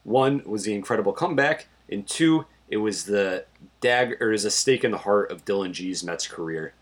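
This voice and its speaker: A man's voice: on the low side, animated, moderate pace, breathy edge. A man from Connecticut co-hosting a casual sports podcast, giving dry, stat-heavy game recaps late at night. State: sleepy. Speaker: podcast co-host.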